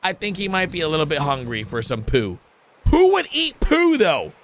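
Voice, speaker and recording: A man hosting a reaction video, commenting excitedly on a cartoon and swinging between hushed asides and shouts. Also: a little high, normal speed, creaky.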